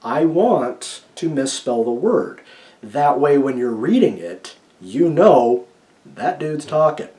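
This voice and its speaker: A man giving casual, opinionated writing advice to camera, keeps checking in with "okay?", swinging between loud emphasis and quiet asides. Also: medium pitch, big pitch swings, slow pace.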